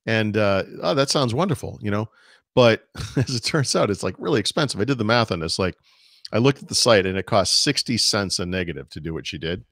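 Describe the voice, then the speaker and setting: A man's voice: fairly low pitch, lively intonation, a little fast, a bit bright, dry recording, clean studio sound. A middle-aged man co-hosting a podcast, chatting casually and rambling through long asides with many restarts. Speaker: podcast co-host. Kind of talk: casual chat.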